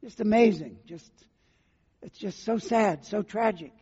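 A man's voice: high voice, a little slow, dark tone, breathy edge. An older man preaching a sermon as a pastor, earnestly putting questions to his listeners. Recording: muffled sound with long hall reverb.

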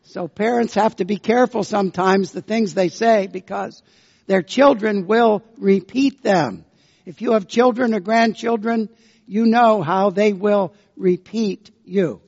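A man preaching a sermon as pastor, telling folksy, unhurried stories. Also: high voice, vocal fry, a little mellow, breathy edge. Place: church sanctuary. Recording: dull lo-fi sound with long church reverb.

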